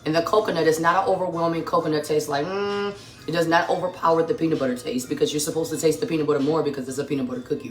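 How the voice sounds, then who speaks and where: Effusive home-kitchen cooking host chatting to a live audience, even mid-range voice, roomy echo, faint music behind. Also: mid-range voice. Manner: effusive, chatty, addresses viewers as y'all, talks with mouth full. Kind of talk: casual live-stream chat while tasting food.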